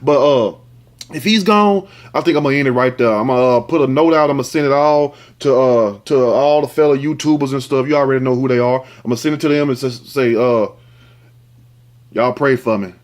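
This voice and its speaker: A man's voice: medium pitch, fast. Man riffing crudely on a news story. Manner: crude, joking asides between reading news lines. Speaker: host. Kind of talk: comedic news commentary.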